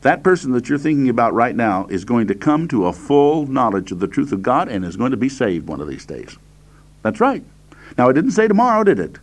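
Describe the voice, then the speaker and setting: Male preacher, emphatic sermon delivery, pitch swinging widely, raises and slows his voice for scripture quotes. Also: big pitch swings. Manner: emphatic, leans hard on repeated words, frequent "uh" fillers.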